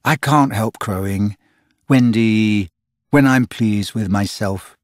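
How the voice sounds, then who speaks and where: A man's voice: fairly low pitch, takes it slowly, no echo, clean studio sound. Peter Pan, a cocky crowing boy, read by a man. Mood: cocky, boyish. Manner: boastful, crowing. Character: cocky, boastful boy who never grows up. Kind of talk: audiobook character voice.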